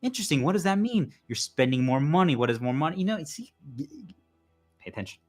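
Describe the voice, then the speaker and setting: Rambling, animated man with faint music. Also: on the high side, quick pace. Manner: rambling and animated, swings into loud exclamations. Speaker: video host. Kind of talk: casual monologue.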